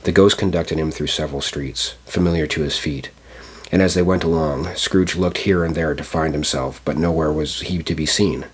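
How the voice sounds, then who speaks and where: A man narrating a classic storybook aloud, measured, with small stumbles. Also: rumbling low, steady tone, a little hiss or hum. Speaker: audiobook narrator. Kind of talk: storybook reading.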